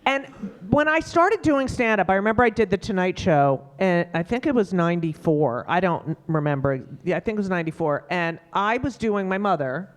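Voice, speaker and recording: A woman's voice: a little fast, hardly any pauses. A middle-aged woman comedian, telling stories emphatically in a panel conversation. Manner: animated, emphatic storyteller with sudden pitch jumps. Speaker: stand-up comedian.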